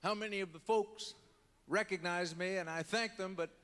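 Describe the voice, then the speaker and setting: A man doing an impression of a male US president, giving a slow, deliberate speech with pauses on a live comedy stage. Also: high-pitched, steady tone, fairly bright tone. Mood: solemn. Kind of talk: stand-up impression. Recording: hall reverb, faint crowd ambience.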